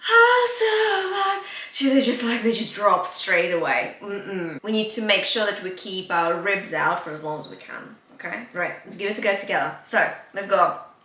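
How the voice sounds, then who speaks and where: A woman's voice: lowish voice, normal speed, sharp tone, roomy sound. A woman vocal coach teaching a singing lesson. She is encouraging, checks in often with "yeah?" and "okay?", and breaks into short sung demonstrations.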